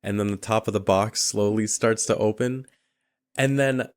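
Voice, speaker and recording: A man co-hosting a podcast, recapping a horror movie in relaxed casual chat and laughing along. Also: lowish voice, normal speed, clean tone. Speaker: podcast co-host.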